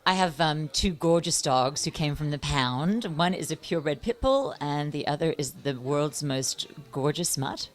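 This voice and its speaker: A woman's voice: sits low, lively intonation, a little slow, hardly any pauses, soft background music. A woman activist and interviewer, talking earnestly and at length in a casual on-camera chat. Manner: earnest and talkative, with fillers and restarts. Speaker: interviewer and animal welfare activist.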